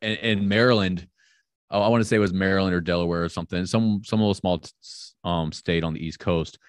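A man's voice: deep voice, steady tone, fast talker, no echo. A man on a casual podcast, talking in a blunt, profane, ranting way. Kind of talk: casual heated podcast chat.

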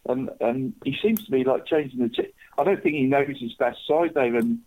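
A man's voice: medium pitch, moderate pace. A man chatting casually as a podcast co-host, rambling and calling everyone "mate". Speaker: podcast co-host, football tipster. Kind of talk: casual chat. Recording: tinny phone-like line.

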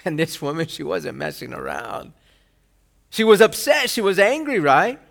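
A male pastor preaching a sermon. He asks rhetorical questions and acts out quoted lines with sudden loud bursts. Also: a little high, huge pitch swings, moderate pace, gravelly.

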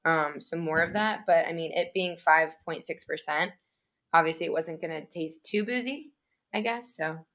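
Bright, lower-pitched woman, chatty. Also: moderate pace. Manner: giggly, with many "like"s and "um"s. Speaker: guest. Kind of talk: casual chat.

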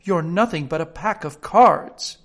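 A man's voice: fairly high pitch, unhurried, fairly bright tone. A man reading a storybook aloud, voicing a bold young girl who speaks up defiantly. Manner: pert, defiant.

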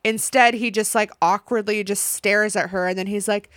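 A young woman hosting a podcast, recapping a reality show in a casual, animated way, swearing and acting out what people said. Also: medium pitch, moderate pace, hardly any pauses, no echo, clean studio sound. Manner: animated, swearing, acts out quotes. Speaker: podcast host.

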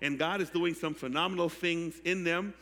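A man pastor preaching a sermon, calling out to the congregation for responses and building from quiet teaching to loud preaching. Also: a little high, fairly even intonation, moderate pace. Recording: echoey hall.

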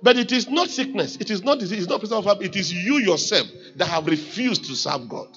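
A man's voice: sits high, animated, fairly quick, fairly bright tone, breathy edge, muffled recording, soft background music. A man with a Nigerian accent preaching a sermon as pastor, emphatic and calling on the congregation to repeat lines back.

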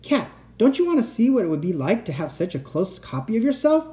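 Woman doing an excitable mad-inventor uncle. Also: mid-range voice, brisk, voice pushed up, close to an everyday voice. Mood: eager. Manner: excitable, pleading, then soft and menacing. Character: eccentric middle-aged male inventor uncle, unstable. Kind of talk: storybook read-aloud.

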